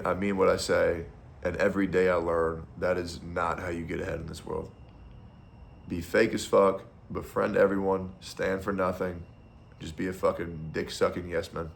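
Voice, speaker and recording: A man's voice: low voice, gravelly, slight background noise. A male streamer in a casual, blunt monologue, ranting with heavy profanity and strong opinions.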